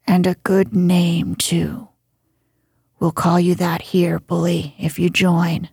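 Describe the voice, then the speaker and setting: Lady reading a growly pirate captain, slow and menacing, husky dry voice. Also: fairly low pitch, little pitch movement, a little mellow, dry recording, pitched below the performer's own voice, heavily acted. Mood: coaxing. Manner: blustering, archaic pirate talk.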